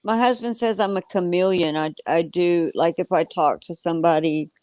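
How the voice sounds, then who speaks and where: A woman from Texas with a Texas accent, co-hosting a casual talk show in an easygoing, relaxed way. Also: fairly low pitch, moderate pace, no echo. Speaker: podcast co-host. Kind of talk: casual chat.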